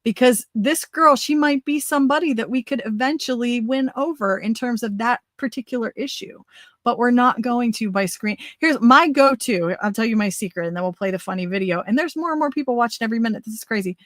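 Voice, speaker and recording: A woman in her forties hosts a political livestream talk show, talking in an energetic, rambling, conversational way while losing her voice. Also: fairly high pitch, brisk, no room sound. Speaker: host.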